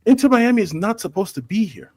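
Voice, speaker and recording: A man's voice: high-pitched, big pitch swings, brisk, darkish tone. A man giving blunt, laughing opinions as a panelist in a casual football chat.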